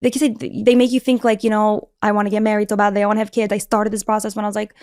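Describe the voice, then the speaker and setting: Fast-talking young woman, animated storyteller. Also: medium pitch, no room sound, studio quality. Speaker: podcast guest. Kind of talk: casual interview talk.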